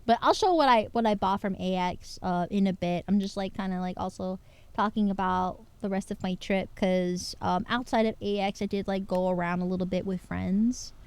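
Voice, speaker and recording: A woman streaming casual chat to her viewers, excitable and full of filler words. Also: medium pitch, normal speed, smooth, dry recording.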